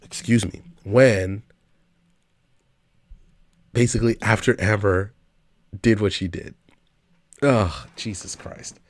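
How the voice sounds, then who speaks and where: A man's voice: fairly low pitch, steady tone, takes it slowly, pauses often, dry recording. A man hosting a reaction video, talking back to the clip he watches in a casual, exasperated way and swearing often.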